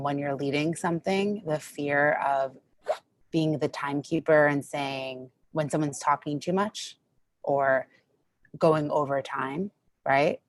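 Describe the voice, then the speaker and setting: A woman with a notably low voice hosts a group training, inviting questions in an encouraging tone. She pauses and searches for words as she goes. The sound is dry and close. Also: no echo, poor audio. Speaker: training host.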